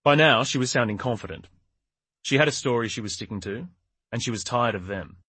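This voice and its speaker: A man narrating a crime novel audiobook in a steady, measured way. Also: mid-range voice, husky, no echo. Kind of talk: scripted narration.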